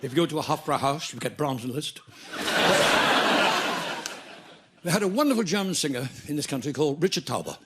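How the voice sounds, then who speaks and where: Giggly older comedian with a high voice. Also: male voice, lively intonation, fairly quick, long pauses, background noise. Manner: punning, giggly, bursts into song. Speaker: stand-up comedian. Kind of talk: stage comedy routine. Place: theatre stage before an audience.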